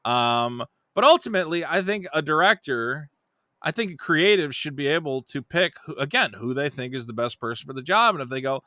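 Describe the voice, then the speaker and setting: A man's voice: a little high, brisk, dry recording, clean studio sound. A man, a comedian, talking casually as an interview guest and animatedly acting out quotes. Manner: animated, jumps into quoted voices.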